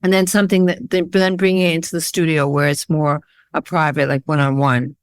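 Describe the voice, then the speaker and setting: A woman photographer being interviewed, talking in a rambling, animated storytelling way with lots of fillers. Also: low voice, brisk, clean tone, no room sound, studio quality. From Worcester, Massachusetts area. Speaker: guest, photographer. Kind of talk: casual interview chat.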